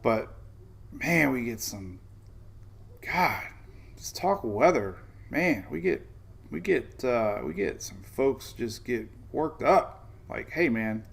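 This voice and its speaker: A man's voice: mid-range voice, creaky, husky. A man hosting a casual live weather show, chatting and rambling as he walks through radar maps and reads viewer comments. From Florida, United States. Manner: rambling, chatty, vents then jokes.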